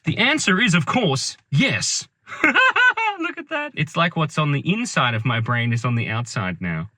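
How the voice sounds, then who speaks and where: A man's voice: fairly high pitch, sing-song, measured pace, pushed and bright, no room sound. Playful, giggly man in his thirties. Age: 30s. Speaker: vlogger. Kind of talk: rambling comic vlog chat. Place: parked car. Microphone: built-in camera mic, no microphone.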